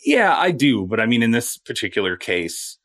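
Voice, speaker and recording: A man reporting on sports in a casual talk show, telling stories in an animated way. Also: medium pitch, moderate pace. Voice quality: animated, storytelling.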